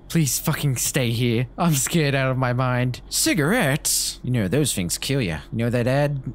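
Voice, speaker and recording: A man's voice: medium pitch, lively intonation, moderate pace. A young man commenting as he plays a horror game, jittery and swearing, tossing jokey asides at the characters. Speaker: gaming video host.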